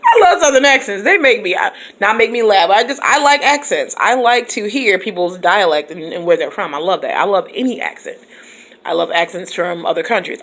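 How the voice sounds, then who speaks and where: A woman's voice: medium pitch, a bit bright. A woman teacher from Michigan, chatting casually in her car and laughing often. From Michigan, USA. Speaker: teacher and vlogger. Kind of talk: casual chat.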